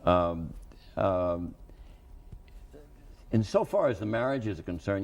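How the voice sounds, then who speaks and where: A man hosting a TV book interview, speaking deliberately with frequent pauses. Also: sits low, expressive. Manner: deliberate, hesitant with many uh and um. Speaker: TV interviewer and host. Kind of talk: measured TV interview.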